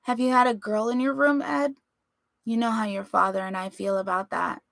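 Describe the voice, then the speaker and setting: A woman reading a story, voicing a calm, coldly manipulative mother who speaks low and measured. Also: gravelly, dry recording. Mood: coolly calm.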